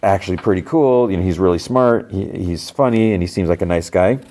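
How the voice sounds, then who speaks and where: A man voicing an earnest, nervous teenage boy superhero while recapping a cartoon, lifting into an eager, higher tone. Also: fairly quick, mellow, slight background noise, close to an everyday voice.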